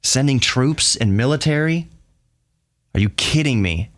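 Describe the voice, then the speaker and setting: A man's voice: medium pitch, expressive, a little slow, fairly bright tone, dry recording. Earnest, fired-up man, bone-dry sound. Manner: earnest, heated, repeats and restarts phrases. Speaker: podcast host. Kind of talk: impassioned solo monologue.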